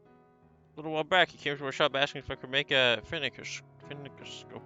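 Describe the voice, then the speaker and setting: A man's voice: medium pitch, steady tone, brisk, pushed and bright, muffled recording, faint music behind. A man doing a chatty old shopkeeper. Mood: confiding.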